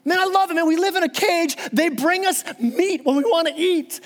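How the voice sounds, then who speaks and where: A man's voice: very high voice, normal speed, long reverb tail, pitched above the performer's own voice. A man doing a smug carefree zoo lion. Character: boastful lazy male zoo lion.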